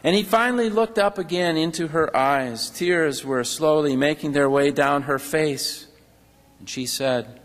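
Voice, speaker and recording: A man preaching a sermon as pastor, slow and earnest, reading passages from a book aloud. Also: a little high, big-room sound.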